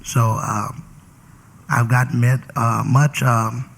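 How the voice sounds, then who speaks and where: A man's voice: mid-range voice, little pitch movement, slow pace, vocal fry, a bit bright. A man hosting a casual interview show as a bishop, talking in a playful, preachy way. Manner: playful, preachy, Southern Black church vernacular. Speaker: talk show host and bishop.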